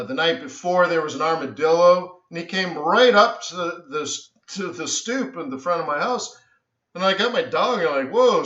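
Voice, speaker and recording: Man, live-stream host, rambling stories, tired, bright voice, echoey lo-fi sound. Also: a little high. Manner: animated storyteller, says "so anyways" often, trails off. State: tired from little sleep. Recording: echoey room, dull lo-fi sound.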